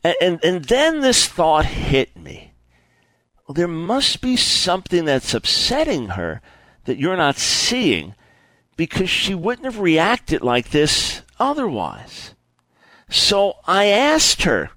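In an earnest, lively sermon, a man often repeats words and stumbles while building toward his point. His voice sits high and moves at a slow pace, with no echo.

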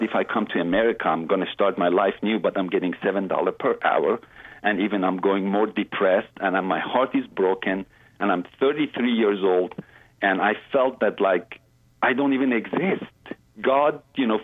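A man, earnestly telling his personal story as an interview guest, in halting phrasing. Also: lowish voice, slightly rough, dry recording. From Iran. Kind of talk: personal faith testimony in an interview. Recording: dry, phone-like line.

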